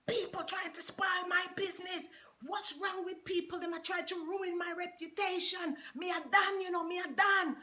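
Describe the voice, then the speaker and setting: A man's voice: very high voice, little pitch movement, moderate pace, bright, forceful tone, pitched above the performer's own voice, full character voice. A woman voicing an irate male DJ, ranting indignantly over the mic.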